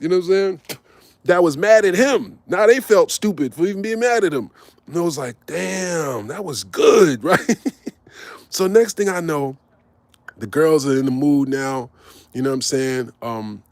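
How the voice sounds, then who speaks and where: A man casually telling a personal story in an animated, slangy way, with frequent asides to his listeners. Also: a little high, no room sound. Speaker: host.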